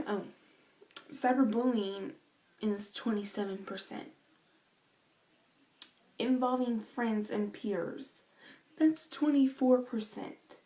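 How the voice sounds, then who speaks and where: Young woman, vlog, slightly high voice, very slow, emotional, sighing restarts. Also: mellow, poor audio. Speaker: vlogger. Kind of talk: earnest vlog talk.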